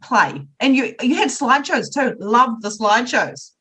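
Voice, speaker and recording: A woman's voice: fairly high pitch, moderate pace, sharp tone, breathy edge. Gushing New woman host. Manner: gushing, enthusiastic, frequent fillers. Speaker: podcast host. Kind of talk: casual interview chat.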